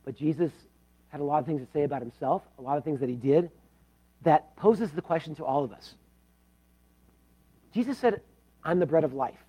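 A man preaching a sermon as pastor, earnest, moving between loud emphatic points and hushed pleading prayer. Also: a little high, moderate pace, pauses often, breathy edge, rough recording. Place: church service.

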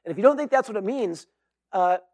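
Male pastor, high voice, earnest and conversational preaching, dry sound. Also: lively intonation, fairly quick, a little mellow, dry recording. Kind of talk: sermon.

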